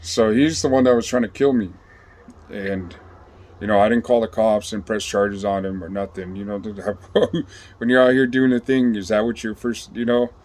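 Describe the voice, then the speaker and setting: A man with a fairly low voice tells a story in a loose, rambling way. He swears freely and keeps filling pauses with ums and you-knows. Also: fairly even intonation, darkish tone. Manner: rambling, profane, with many fillers. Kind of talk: casual storytelling.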